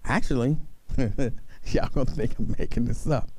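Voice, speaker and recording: A man hosting a radio talk show, bantering and arguing in a mock-serious, animated way. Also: mid-range voice, moderate pace, husky, no room sound.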